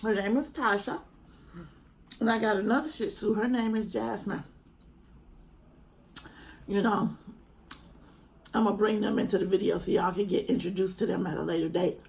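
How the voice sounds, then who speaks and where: A woman's voice: medium pitch, moderate pace, gravelly, long pauses, darkish tone, a little hiss or hum, rough recording. A young woman, earnestly and chattily talking to camera at home in a vlog. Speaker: mukbang vlogger. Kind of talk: casual heartfelt chat to camera.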